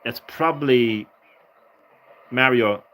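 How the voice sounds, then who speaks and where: A man's voice: medium pitch, takes it slowly, fairly bright tone, rough recording. A tired man commentating a live game stream, chatting with viewers, laughing often and swearing casually.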